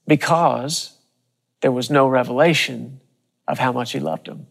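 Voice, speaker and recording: A man preaching a broadcast sermon with passion, repeating phrases and slowing down to stress key lines. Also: medium pitch, creaky, in a large hall. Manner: impassioned, repeats phrases, slows for emphasis.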